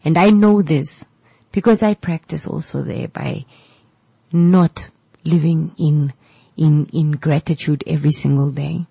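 A woman hosts a radio show with a low voice, giving a heartfelt motivational talk to her listeners. She repeats her lines and sinks into near-whispers, and her voice comes across dry and close on a studio mic. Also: steady tone, measured pace, creaky, warm tone, slightly rough, no room sound, low-quality recording. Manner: repetitive, preachy, emotional, drops to a whisper at times. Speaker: radio host.

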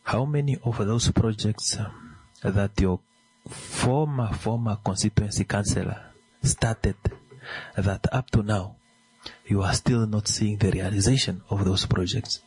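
Guy hosting a business show, really raspy, kinda low, lots of uhs and rhetorical questions. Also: measured pace, darkish tone, rough recording. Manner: rhetorical questions, many fillers. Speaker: business radio host. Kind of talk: commentary to listeners.

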